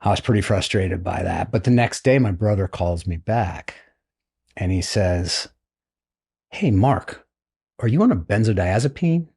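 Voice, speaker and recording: This middle-aged American man, a retired naval flight officer, has a low, slightly rough voice with vocal fry and a measured pace. As a podcast guest he tells his story casually and animatedly, acting out the voices of the people he quotes.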